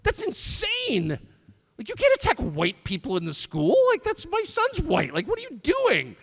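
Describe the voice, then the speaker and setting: Outraged dad confronting a headmaster, put on by a man, incredulous, pitched up high, echoey hall. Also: huge pitch swings, normal speed, a bit bright, exaggerated voice. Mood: indignant. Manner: indignant, incredulous.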